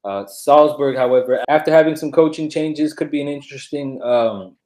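A man's voice: on the high side, moderate pace, a little mellow. Laid-back man co-hosting a sports podcast. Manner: laid-back, laughs often, uses filler words. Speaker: podcast co-host. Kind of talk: casual sports chat.

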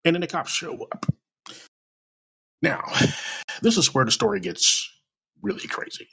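Speaking at a measured pace, a man shares a personal story aloud with a husky, gravelly roughness, his intonation rising and falling in lively arcs. He's blunt and profane, and the emotion comes through unfiltered.

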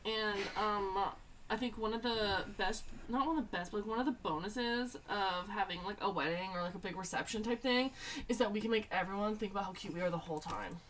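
A woman's voice: medium pitch, a little fast, recorded from a distance, background noise. A young woman co-hosting a podcast in casual, chatty talk, laughing often and swearing freely. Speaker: podcast co-host. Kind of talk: casual chat.

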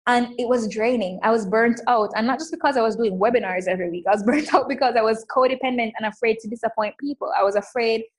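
A woman coach talking in a casual interview, emphatic and animated, often saying "like". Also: fairly high pitch, fast talker, hardly any pauses, rough recording. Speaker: coach and guest.

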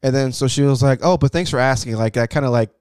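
Young man, casual storyteller, animated, swears freely, dry mic. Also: medium pitch, fast talker, smooth, no room sound. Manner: animated, acts out quotes with swearing.

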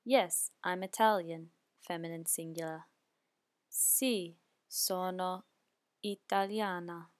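A woman's voice: lowish voice, steady tone, slow pace. A woman teaching a language lesson, explaining patiently and repeating each phrase twice. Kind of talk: slow spoken language lesson.

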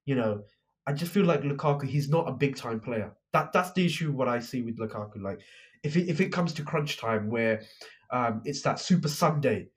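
Passionate young man ranting about football. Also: medium pitch. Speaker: podcast co-host. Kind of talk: casual football chat.

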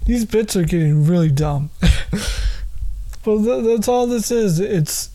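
Young male podcast host, slow and drawling, loose rambling bits with plenty of filler. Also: sits high, lively intonation, warm tone. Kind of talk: solo comedy podcast rambling.

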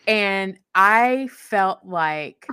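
A woman's voice: medium pitch, animated, extremely slow, pushed and bright, clear, resonant tone, dry recording. Heartfelt woman telling a story, dry sound. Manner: heartfelt, laughs often mid-sentence. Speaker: guest telling a personal story. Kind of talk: casual conversational storytelling.

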